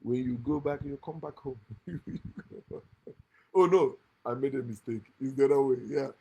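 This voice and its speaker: A man from Nigeria, hosting an impassioned monologue, emphatic and lecturing, with loud outbursts, quiet asides and frequent laughter. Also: medium pitch, moderate pace, slightly rough. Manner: laughs often mid-speech. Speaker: channel host. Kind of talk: impassioned monologue against religion. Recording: lives in America.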